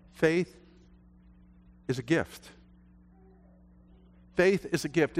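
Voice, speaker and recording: A middle-aged male pastor preaching a sermon, telling a story and slowing down for emphasis. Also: on the high side. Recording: long hall reverb.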